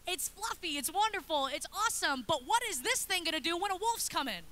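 A woman in her thirties preaching a lively, chatty sermon in a church, acting out little scenes as she goes. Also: extremely high pitch, brisk. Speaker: pastor's wife preaching. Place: church sanctuary.

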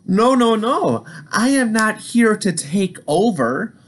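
A man voicing a big, confident new male farm tractor in a children's storybook, speaking in a deep, commanding manner. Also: big pitch swings, slow, a little hiss or hum, heavily acted. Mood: reassuring.

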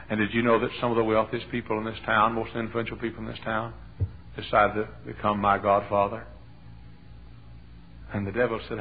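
Gravelly preacher on a tinny old tape. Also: male voice, medium pitch. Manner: storytelling, building to shouted fervor. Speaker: pastor. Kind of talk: sermon. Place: church sanctuary.

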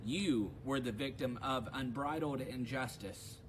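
A man's voice: medium pitch, measured pace, background noise. A male pastor leading a devotional service, chatting informally before solemn scripture readings and prayers. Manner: relaxed and conversational in the opening, solemn and louder in the readings and prayers.

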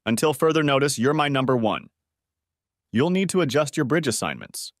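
In an audiobook, a man voices a stern male ship captain barking clipped, commanding orders, pitching above his own natural voice and acting only lightly. His mid-range voice has lively intonation and a normal speed, recorded dry with clean studio sound.

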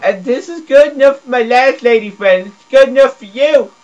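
A man's voice: moderate pace, a little mellow, faint music behind. A man doing comedic gameplay commentary, stammering and repeating words in dopey broken grammar, dropping to a mumble and then jumping up to a squeal. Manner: swings between mumbling low and squealing high. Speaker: gameplay video creator. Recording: dull lo-fi recording.

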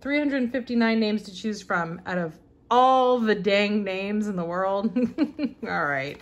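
A woman's voice: mid-range voice, animated, slow pace, lo-fi sound. Chatty, amused woman flipping a catalog. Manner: chatty and amused, laughing often and reading bits aloud. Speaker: vintage reseller and channel host. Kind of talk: casual commentary while flipping through an old catalog.

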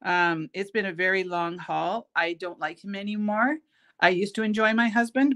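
A woman's voice: medium pitch, normal speed, fairly bright tone. A middle-aged woman hosting a casual beading tutorial, chatty and self-mocking as she works. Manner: chatty, self-mocking, laughs at her own jokes. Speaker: host, bead shop owner teaching a craft.

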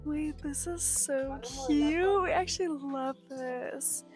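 A young woman from Texas chats in a bubbly, gushing way, exclaiming often. Her voice sits high. Music plays clearly underneath her. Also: slow pace. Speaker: thrift vlogger. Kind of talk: excited casual vlog chat and voice-over. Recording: music playing behind the voice.

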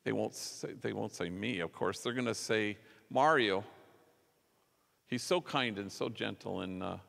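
A man's voice: lowish voice, normal speed, creaky, a bit bright. A man preaching a sermon as a conversational story, acting out the quotes of the people in it. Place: large church. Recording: long church reverb.

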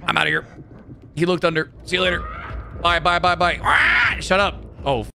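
A man streaming a video game, reacting out loud with swearing and talking to the characters on screen. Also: sits high, moderate pace, slight background noise. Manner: jumpy and excitable, swears, talks to game characters. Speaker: gaming streamer. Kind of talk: let's play commentary.

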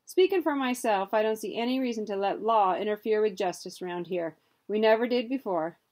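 A woman voicing a blunt frontier justice of the peace who talks in a slow, folksy way. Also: mid-range voice, a little mellow, natural voice.

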